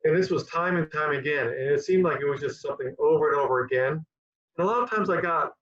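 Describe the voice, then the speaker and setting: A man's voice: fairly high pitch, lively intonation, fast, a bit bright. A man being interviewed as a guest who rambles and often repeats his words. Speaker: guest, QA director. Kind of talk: conversational interview. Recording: dull lo-fi sound.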